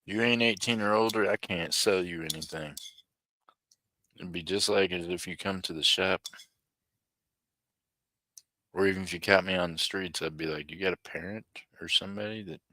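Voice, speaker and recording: A man's voice: sits low, steady tone, a little fast, sharp tone. A man hosting a live online auction and chatting with viewers in a folksy, laid-back way. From United States. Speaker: livestream auction host. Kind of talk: casual live-stream chat with viewers.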